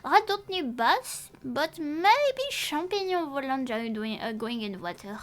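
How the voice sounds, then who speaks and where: A young woman who speaks natively, chatting casually on a live stream in a rambling, halting way with many restarts and playful swearing. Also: high-pitched, very animated. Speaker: VTuber streamer.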